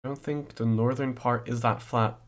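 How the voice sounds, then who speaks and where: A man's voice: medium pitch, steady tone, normal speed. A man chatting casually on a podcast, playful and rambling, teasing his co-host. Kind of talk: casual chat.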